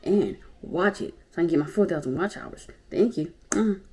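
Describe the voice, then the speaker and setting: Mellow-voiced young woman telling a story. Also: fairly low pitch, normal speed. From Baltimore, Maryland, USA. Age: 20s. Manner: blunt, profane, animated storytelling. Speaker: YouTuber. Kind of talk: casual storytime vlog.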